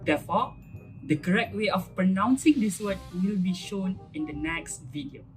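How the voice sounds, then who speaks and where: A woman's voice: mid-range voice, animated, soft background music, rough recording. A young woman presenting a scripted pronunciation lesson, patiently contrasting the right and wrong vowel sounds. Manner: slow, explanatory, contrasts sounds. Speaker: student presenter.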